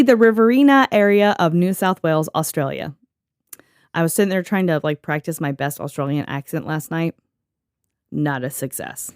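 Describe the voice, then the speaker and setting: A woman's voice: lowish voice, smooth, no room sound, studio quality. A young woman co-hosting a podcast in a casual, joking way, reading from notes and laughing often. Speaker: podcast co-host.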